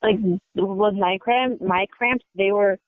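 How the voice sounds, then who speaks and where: A woman's voice: medium pitch, takes it slowly. A woman guesting on a podcast in casual chat, rambling through stories and acting out quotes. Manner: rambling storyteller, acts out quotes. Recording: dry, tinny phone-like sound.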